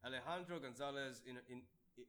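A man co-hosting a movie podcast in casual chat, halting and restarting often, with casual swearing. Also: medium pitch, a bit bright. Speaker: podcast co-host.

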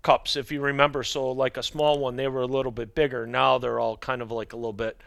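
A man's voice: medium pitch, flat delivery, fast talker, creaky, fairly bright tone, dry recording. A middle-aged man, a hockey equipment manager, telling rambling stories as a podcast guest and dropping his voice to quote other people. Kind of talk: casual storytelling chat.

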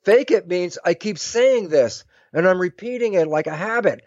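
A man with a somewhat high voice explains his ideas in an interview. He talks in a lively way and acts out both sides of little imagined exchanges. The sound is dry and a little dull. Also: normal speed, no room sound. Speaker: guest speaker. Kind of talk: animated explanatory interview talk.

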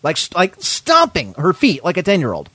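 A man's voice: on the high side, wildly swooping pitch, moderate pace, pushed and bright, no room sound. A man hosting a podcast, telling a story in a casual, indignant way, swearing often. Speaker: podcast host.

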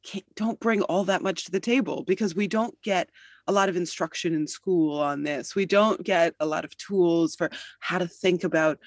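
A founder gives long, articulate answers in an interview, pausing on the odd filler. The voice sits at a middling pitch, and the recording is dry and close. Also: no room sound. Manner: articulate, explains at length with fillers. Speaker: guest, app founder.

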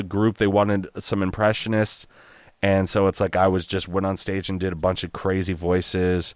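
A man from Oregon, a voice actor, telling a story in an animated, profane way and slipping into character voices. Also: on the low side, no room sound. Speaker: guest voice actor. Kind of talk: casual storytelling.

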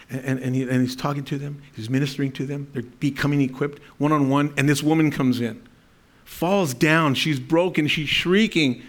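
A man's voice: fairly high pitch, lively intonation, normal speed. A man preaching a sermon to a congregation. He reads scripture aloud, explains it, and often restarts his sentences. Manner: speaks to a congregation, asking for amens. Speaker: pastor.

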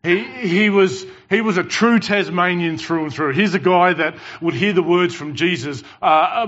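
Animated pastor preaching. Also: male voice, high-pitched, a little slow, hardly any pauses. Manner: animated, emphatic storytelling with jokes. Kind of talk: sermon. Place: church. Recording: dull lo-fi church recording.

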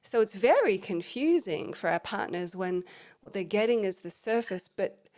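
In a podcast conversation, a woman who runs intimacy workshops speaks expressively at a moderate pace, often sinking into soft, breathy tones. Her voice is mid-range.

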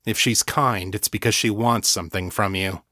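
A man reading a young male incubus priest weighed down by guilt, his voice rough and heavy with emotion. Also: fairly low pitch, fairly even intonation, normal speed, sharp tone, no room sound, clean studio sound. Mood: grave.

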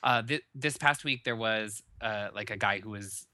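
Bright, dry-voiced male podcast co-host. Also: fairly low pitch, moderate pace, dry recording. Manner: animated, restarts sentences often. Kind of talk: casual chat.

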